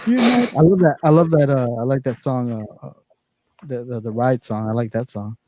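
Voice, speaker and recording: A man's voice: mid-range voice, moderate pace, mellow. A man hosting a casual chat, loose and profane, trailing off as he hunts for names. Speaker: podcast host.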